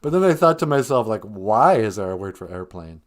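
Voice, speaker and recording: A man's voice: fairly low pitch, big pitch swings, brisk. A man hosting a casual livestream chat, rambling through dry joking asides. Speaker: show host, cartoonist.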